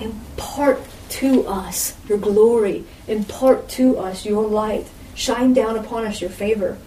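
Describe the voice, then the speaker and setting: A woman's voice: mid-range voice, dark tone. A woman giving an informal sermon as a Bible teacher, with a conversational manner and frequent asides to her listeners. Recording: roomy echo, distant mic, faint background noise.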